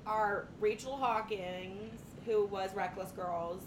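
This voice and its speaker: A woman chats casually on a podcast in a mid-range voice, dropping the odd swear word. She sounds set back from the mic in a roomy, echoing space. A low rumble of noise runs underneath. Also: fairly even intonation, slow. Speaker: podcast co-host. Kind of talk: casual chat. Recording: echoey, distant mic with rumble.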